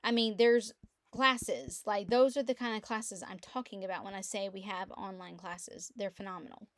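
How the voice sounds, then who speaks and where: A middle-aged woman, chatting casually from home through her computer mic as she walks through an online office, with animated storytelling. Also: mid-range voice, moderate pace, no echo. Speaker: real estate agent. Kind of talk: casual screen-share walkthrough. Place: quiet room at home.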